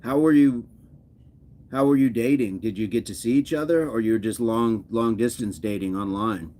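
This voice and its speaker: A middle-aged man hosts a casual livestream, reading viewer comments in a jokey, easygoing way and chuckling between remarks. His mellow voice is mid-range at a moderate pace.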